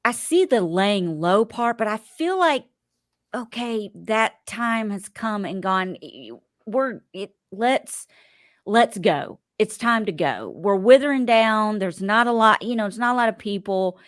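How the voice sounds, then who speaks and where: A woman's voice: mid-range voice, lively intonation, a little slow, no echo, clean studio sound. A woman hosting a podcast in casual chat, rambling and chatty with many fillers. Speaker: podcast host.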